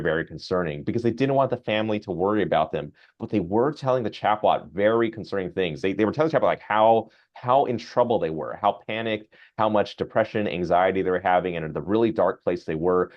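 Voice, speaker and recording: A man, a physician, giving a grand rounds lecture in a conversational, animated storytelling way. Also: low voice, highs cut off.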